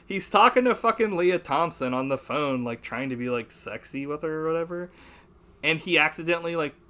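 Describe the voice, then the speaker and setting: A man's voice: a little high, lively intonation, fairly quick, sharp tone. A young man hosting a podcast, chatting casually about a movie, rambling, swearing and laughing as he quotes lines. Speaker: podcast host.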